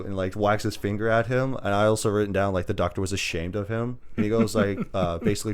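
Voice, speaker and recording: A man's voice: fairly low pitch, fast talker, hardly any pauses, clear, resonant tone. Young man animatedly retelling a movie. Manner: animated retelling of scenes, many fillers and "like". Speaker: podcast host. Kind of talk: casual movie review chat.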